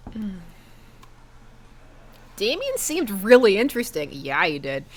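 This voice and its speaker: Woman streamer, giggly and chatty, animated pitch. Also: unhurried. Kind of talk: casual game commentary.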